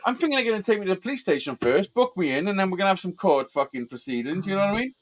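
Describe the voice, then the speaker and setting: A man telling stories in an animated, sweary way in casual chat. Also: high voice, racing. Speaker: host.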